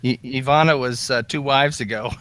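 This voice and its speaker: A man in his forties chatting on a radio roundtable, easygoing and hesitant with many pauses. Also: medium pitch, a bit bright, no room sound. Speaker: roundtable guest. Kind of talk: casual radio roundtable chat.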